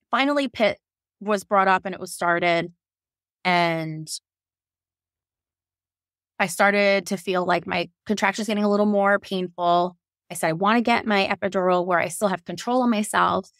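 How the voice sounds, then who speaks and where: A woman's voice: mid-range voice, measured pace, pauses often, no echo. Woman, 30s, chatty storyteller, mid-range voice, dry intimate sound. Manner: animated, quotes herself and others in lively voices, laughs often. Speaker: podcast guest telling her birth story. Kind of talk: casual storytelling.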